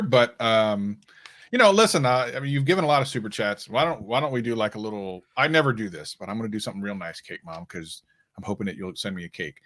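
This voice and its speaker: A man's voice: on the low side, fairly bright tone. A man co-hosting a casual livestream question-and-answer session, chatty and jokey, with many fillers and restarts. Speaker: co-host.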